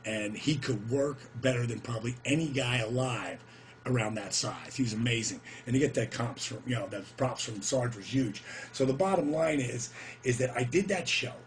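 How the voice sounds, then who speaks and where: A middle-aged man telling a story to camera in a casual, animated way, whooping now and then and putting on voices for the people he quotes. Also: mid-range voice, moderate pace, a little hiss or hum.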